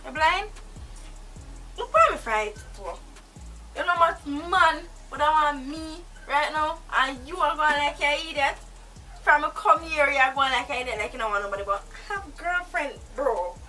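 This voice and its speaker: A woman's voice: high voice, expressive, normal speed, sharp tone, soft background music, rough recording. An actress with a Jamaican accent playing a menacing woman who holds a man captive, threatening and scolding him in patois. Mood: mocking, heated. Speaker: actor in a film. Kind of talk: film dialogue.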